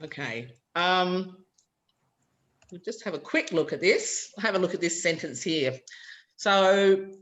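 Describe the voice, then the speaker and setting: A woman's voice: on the low side, expressive, measured pace, a bit bright. A woman presenting a practical teacher-training workshop. She demonstrates example sentences aloud as she explains.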